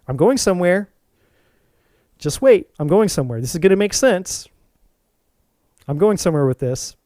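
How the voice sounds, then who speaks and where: A man hosting a spiritual talk to camera, telling an animated story, swearing freely, and often restarting his sentences. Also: high-pitched, normal speed, no echo. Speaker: tarot reader and spiritual channel host.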